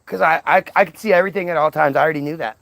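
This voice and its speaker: A man voicing a petulant, foul-mouthed male God who yells and scolds. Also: on the high side, very fast, gravelly, no room sound. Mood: scolding. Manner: shouting, crude, exasperated.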